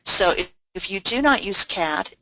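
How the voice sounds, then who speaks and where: A woman giving a webinar lecture on medical coding, explaining things briskly with asides and fillers. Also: mid-range voice, lively intonation, sharp tone, no echo, rough recording.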